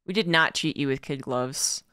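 A woman's voice: extremely low pitch, normal speed, sharp tone, clear, resonant tone, no echo, studio quality. A woman esports commentator in casual podcast chat, telling stories playfully and laughing often. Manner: playful storytelling, laughs often, acts out quotes.

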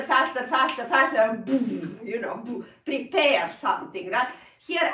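Woman piano teacher, high, bright and animated, roomy distant sound. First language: Italian. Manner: laughs often, animated, repeats words, non-native phrasing. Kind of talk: casual online music lesson. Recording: roomy echo, off-mic.

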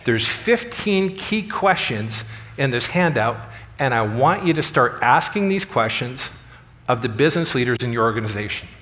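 A man's voice: mid-range voice, very animated, normal speed, a bit bright. A middle-aged man giving a keynote speech at a conference, telling stories in an earnest way and acting out what others said. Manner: earnest, story-driven, acts out quoted lines. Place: large conference hall. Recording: long hall reverb.

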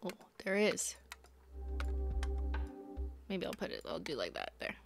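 A woman's voice: fairly low pitch, wildly swooping pitch, unhurried, creaky, music in the background. A young woman chatting casually with her viewers while live-streaming a game, giggly and talkative. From Canada. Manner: chatty, giggly, talks to chat.

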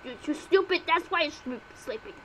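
A woman's voice: high voice, expressive, fairly quick, a bit bright, slight background noise, low-quality recording. A woman voicing all the characters of a homemade fan cartoon, with frantic yelps and exclamations.

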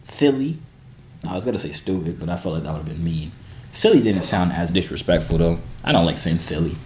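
A man's voice: low-pitched, expressive, a little fast. A young man chatting with strangers over a phone video app, in a goofy, teasing, rambling way. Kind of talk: casual video chat. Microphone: phone on a video chat app. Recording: echoey room, noisy video call.

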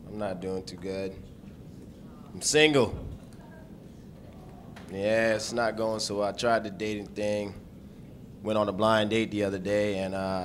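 A man performing a stand-up comedy set on a club stage, punchy and animated. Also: on the low side. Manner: deadpan then animated, punchy delivery. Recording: live club recording with crowd. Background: audience laughter.

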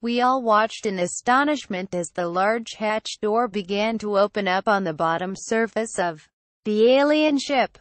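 A woman's voice: mid-range voice, unhurried, dry recording. Woman reading a horror story. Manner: steady first-person reading. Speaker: narrator. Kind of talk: scripted horror story narration.

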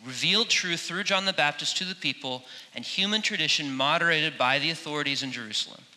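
A man preaching a sermon as pastor, animated, acting out quoted lines with playful emphasis, in a large church. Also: fairly high pitch, quick pace. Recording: long hall reverb in a church.

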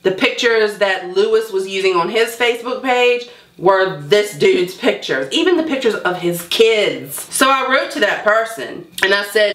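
A woman's voice: mid-range voice, expressive, moderate pace, a bit bright, reverberant. A woman vlogger telling a personal story to camera in a candid, chatty and wry way.

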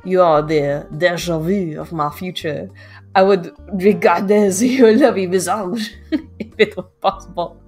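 A woman voicing a flowery, pompous male rat artist in a shaky put-on French accent, slightly low. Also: steady tone, normal speed, faint music behind, natural voice. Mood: grandly romantic.

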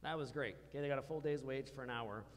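In a church hall, a male pastor preaches a conversational sermon, questioning the congregation as he goes. His voice is mid-range and quick, and a long reverb tail follows his words.

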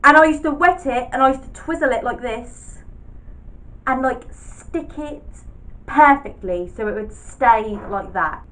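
Young woman, casual vlog chat, sweary, self-mocking, slightly high voice. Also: unhurried, fairly bright tone, rough recording. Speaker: vlogger.

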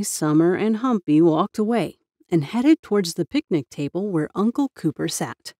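Mellow woman narrating a ghost story. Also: fairly low pitch, no room sound, clean studio sound. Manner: measured, storytelling.

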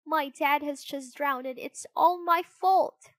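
A woman's voice: high-pitched, slow pace, a bit bright, no room sound, voice pushed up. A woman voicing an impulsive, stubborn wooden puppet boy who speaks in earnest exclamations.

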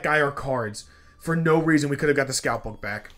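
A man giving let's play commentary as a gaming YouTuber, talking to his characters, repeating himself, pleading and excitable. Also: fairly high pitch, normal speed.

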